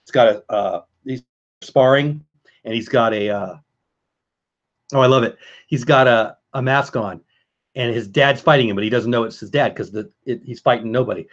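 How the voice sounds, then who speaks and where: A man's voice: mid-range voice, moderate pace, muffled recording. Chatty man hosting a live stream. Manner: chatty, reads and answers chat, emotional. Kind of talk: casual live-stream chat.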